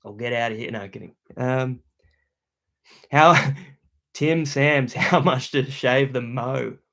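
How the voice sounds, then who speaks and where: Man, Australian accent, young adult, loud casual livestream chat, mid pitch, gravelly. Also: slow pace. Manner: loud and chatty, slangy. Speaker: YouTuber hosting a livestream.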